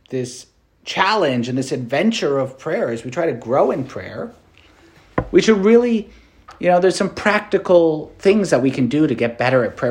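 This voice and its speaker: The speaker is a Catholic priest with a slightly high male voice, giving a chatty, animated preached meditation with lots of filler words.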